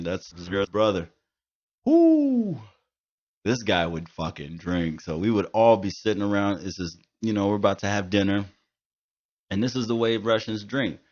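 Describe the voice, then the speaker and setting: In a studio, a man hosts a podcast, chatting casually and telling stories in a loose, profane style. His voice sits low, and the highs are cut off.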